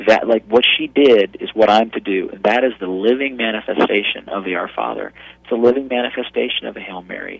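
A man in his thirties sharing an earnest personal testimony on prayer, going soft and low at tender moments. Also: vocal fry, husky, no echo, lo-fi sound.

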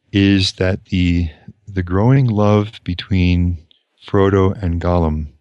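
A man reading a novel aloud and commenting on it as a lecturer, slow and deliberate. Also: deep voice, darkish tone, no room sound.

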